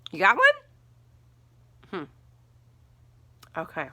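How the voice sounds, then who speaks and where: A woman teacher modeling writing for young children, thinking aloud slowly and sounding words out as she writes. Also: medium pitch, animated, pushed and bright, dry recording. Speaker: first grade teacher.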